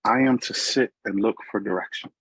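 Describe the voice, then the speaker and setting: A middle-aged man with a New York accent speaks in a low, slightly husky voice. He tells his recovery story in a loose, conversational way and keeps checking in with "right?" asides. The recording is dry and close, with no room echo. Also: fairly quick, fairly bright tone. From New York, USA. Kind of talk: personal recovery talk.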